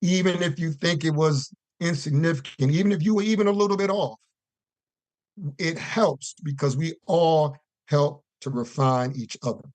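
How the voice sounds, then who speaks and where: A man's voice: fairly high pitch, normal speed, a little mellow, no echo. A man calling in to a religious conference call, giving an earnest, preacher-like testimony and stretching out key words. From US East Coast. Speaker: caller.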